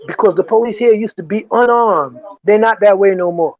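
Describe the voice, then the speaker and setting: A high-pitched older man talks at a moderate pace on a muffled recording. As a veteran activist guest interviewed remotely from Ghana about politics, he's emphatic, restarts often, and keeps asking "you see?"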